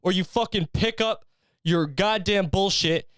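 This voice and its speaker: A man's voice: sits high, a little slow, fairly bright tone, clear, resonant tone, no echo, pitched above the performer's own voice. A man putting on a relentless, profane motivational coach who barks orders at a listener. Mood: fired up. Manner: barking, profane, hard-driving. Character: shouting male motivational drill coach, relentless.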